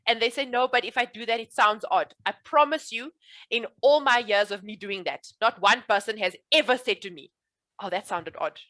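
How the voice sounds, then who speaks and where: Her voice is a little high and a little quick, with a sharp edge. She's a speech coach in a one-on-one session, explaining things in an earnest, reassuring way and repeating her promises.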